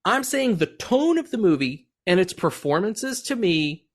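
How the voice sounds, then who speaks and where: On his movie podcast, a male host with a high voice talks through a film review at a measured pace. He's very animated and casual, laughing often and swearing now and then.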